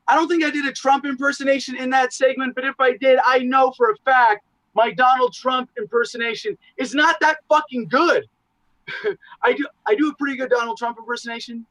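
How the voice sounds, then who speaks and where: A man in casual podcast conversation, talking in animated, profane, rambling asides. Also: very high-pitched, normal speed, no room sound, low-quality recording. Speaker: podcast guest, show host.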